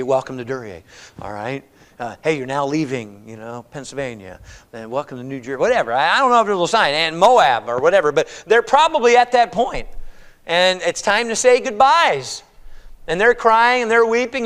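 A man's voice: sits high, fairly bright tone, smooth. A male preacher teaching through a Bible passage in a conversational way, voicing the characters' lines as he reads. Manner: conversational, acts out the characters' words. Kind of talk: expository Bible-study sermon. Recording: long reverb of a church hall.

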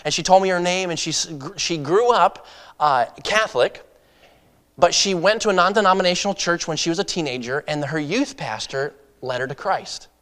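Animated preacher in an echoing hall. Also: male voice, a little high, moderate pace. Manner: animated, shifts between loud excitement and soft earnest tones. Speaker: evangelist. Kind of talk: sermon storytelling. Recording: long hall reverb.

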